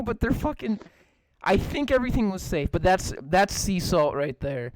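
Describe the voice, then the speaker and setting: A man's voice: high voice, very animated, moderate pace, dry recording. A man hosting a casual podcast, ranting in exasperation and swearing a lot as he talks. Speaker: podcast host. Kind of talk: casual profane podcast chat.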